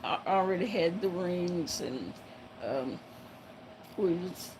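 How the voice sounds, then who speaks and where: A woman telling a story to viewers in a halting, casual way, breaking into frequent laughter. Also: lowish voice, expressive, background noise. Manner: laughs often, halting with many fillers.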